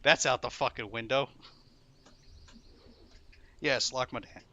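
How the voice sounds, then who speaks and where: A man's voice: medium pitch, takes it slowly, bright, forceful tone, muffled recording. A young man streaming a game from his room at home, ranting and swearing to his chat in frustration. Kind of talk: frustrated live-stream commentary.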